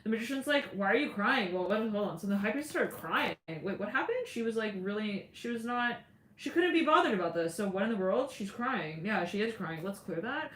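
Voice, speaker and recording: A woman's voice: medium pitch, expressive, brisk, slight background noise. Chatty woman tarot reader, echoey room. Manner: chatty, rambling, laughs often. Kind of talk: casual intuitive tarot reading.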